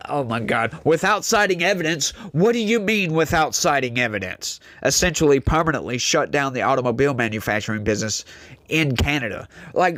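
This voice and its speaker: A man's voice: medium pitch, no echo. A man, hosting solo political commentary, reading news aloud and reacting with exasperated, incredulous outbursts. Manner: exasperated, incredulous, repeats his points.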